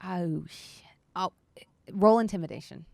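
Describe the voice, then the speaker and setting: Female game master, brisk and matter-of-fact, dry close recording. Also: lowish voice, vocal fry, darkish tone, dry recording. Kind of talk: narrating a tabletop game.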